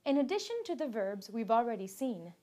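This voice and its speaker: A woman giving scripted narration for a language course, reading example sentences slowly and evenly, then their translations. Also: a little high, very animated, mellow.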